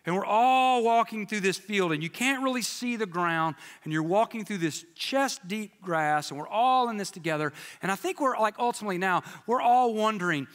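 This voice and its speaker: A man preaching a sermon as pastor, telling stories in an animated, joking way with playful quoted voices, in a church sanctuary. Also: high voice, normal speed, hardly any pauses, in a large hall.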